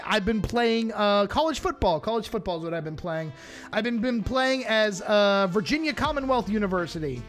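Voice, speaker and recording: A man's voice: high-pitched, animated, a little slow, fairly bright tone, faint music behind. A man streaming live, chatting casually and playfully with his audience while reacting to videos. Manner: chatty, playful, talks straight to his chat.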